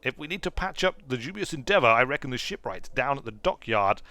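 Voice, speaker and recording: A man voicing a gruff old male pirate first mate in a mock pirate accent. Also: mid-range voice, lively intonation, a little fast, bright, forceful tone, no echo.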